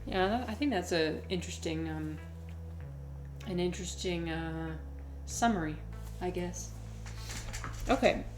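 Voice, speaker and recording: A woman with a fairly low voice speaks a little slowly and pauses often while hosting a casual livestream in an echoey room with music playing. She chats playfully, reads aloud, and coos baby talk to her pet.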